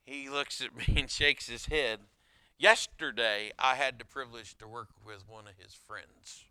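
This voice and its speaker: A man preaching a sermon as a pastor, telling anecdotes in a conversational, animated way. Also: medium pitch, measured pace, clear, resonant tone, no echo. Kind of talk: sermon with storytelling.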